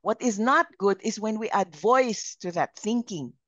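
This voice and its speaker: Her voice is medium-pitched, fairly bright and lively in intonation, delivered at a measured pace. Running a live Taglish communication training, this Filipino-accented woman keeps participants engaged by asking them questions; the dull lo-fi recording carries no room sound.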